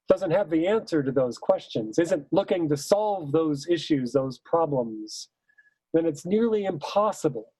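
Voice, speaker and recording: A man explaining how choirs should shape a musical line, talking slowly and with warm, mellow weight on the words that matter. His voice sits a touch high for a man and sounds dry and close, as if recorded right at the mic. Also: slightly rough, no room sound, low-quality recording. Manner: measured, emphatic, sings short hymn phrases to demonstrate. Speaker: choral music teacher. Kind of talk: instructional talk.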